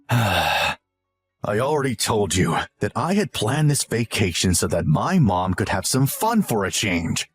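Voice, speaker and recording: A smug, selfish young husband talks down and whines in a lively, swinging voice. A man acts him out while reading the story. Faint music sits under the reading. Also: fairly low pitch, unhurried, breathy edge, full character voice. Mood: condescending. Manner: condescending, whiny and scolding. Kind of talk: scripted story narration.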